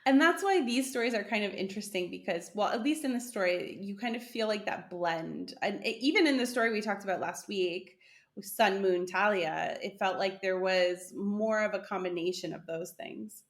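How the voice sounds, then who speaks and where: A woman's voice: mid-range voice, normal speed. This is a woman co-hosting a podcast, chatting casually and easily. She talks loosely, full of fillers, and she laughs often. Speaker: podcast co-host. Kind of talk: casual chat.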